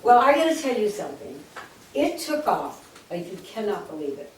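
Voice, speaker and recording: Older woman in her 80s spinning lively, jokey stories for an audience, recorded from a distance in a very echoey hall. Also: medium pitch, moderate pace, crowd noise. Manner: lively, jokey storyteller, acts out quotes. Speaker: speaker telling her life story. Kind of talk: storytelling talk to a live audience. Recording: echoey room, distant mic.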